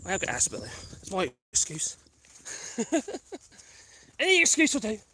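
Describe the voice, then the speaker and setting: A woman's voice: mid-range voice, wildly swooping pitch, measured pace, pushed and bright, a little hiss or hum. A woman vlogging casually on a country path, rambling and chatty while out of breath. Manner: rambling, chatty, laughs often. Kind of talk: casual chat while walking.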